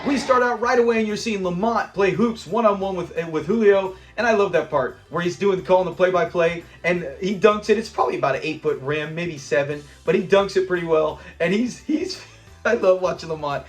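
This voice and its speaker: A man's voice: sits high, fairly quick, faint music behind. A man hosting a casual episode recap, retelling scenes with animation and acting out the characters' lines. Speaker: show recap host.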